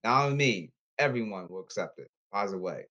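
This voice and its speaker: A man podcasting alone in a repetitive, halting, pleading monologue. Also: on the low side, animated, pushed and bright. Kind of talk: rambling solo monologue. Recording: slightly dull lo-fi audio.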